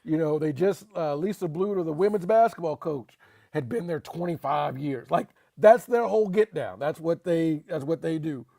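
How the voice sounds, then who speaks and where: A man with a slightly higher, gravelly voice chats loosely about sports and keeps coming back to the same points for emphasis. The sound is dry and close, with no room around it. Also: moderate pace, dry recording. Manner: animated, laughing, emphatic repetitions. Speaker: podcast co-host. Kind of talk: casual sports talk.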